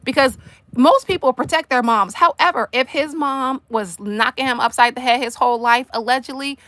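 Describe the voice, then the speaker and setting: A woman's voice: sits high, moderate pace, no echo. Sassy woman hosting a livestream. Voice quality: animated, sassy, talks straight to the subject. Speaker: livestream host. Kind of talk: casual commentary livestream.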